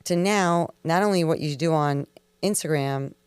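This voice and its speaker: Low-voiced, supportive woman host. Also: moderate pace, a little mellow, smooth, dry recording. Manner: supportive, affirming listener. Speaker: podcast host. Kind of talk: casual interview chat.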